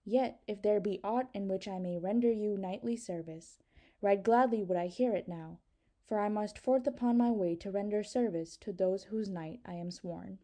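A woman's voice: mid-range voice, moderate pace, dark tone, lightly acted. King Arthur, grave and courtly, read by a woman. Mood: courteous, grave. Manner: formal archaic courtly speech. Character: noble courteous male king, grave and steadfast. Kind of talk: audiobook reading.

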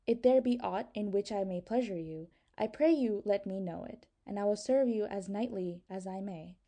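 A woman's voice: mid-range voice, moderate pace, mellow, natural voice. A woman reading the part of a noble, grave male king who speaks in formal, archaic courtly language. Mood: courteous, grave. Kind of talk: audiobook reading.

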